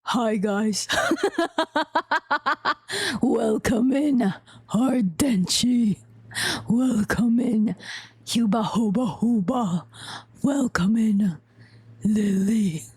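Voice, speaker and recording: A young woman putting on an exaggerated deep voice for her stream, drawing every word out slowly and breathily. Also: a little mellow, no room sound, clean studio sound, exaggerated voice. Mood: droning. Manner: slow, breathy and drawn-out.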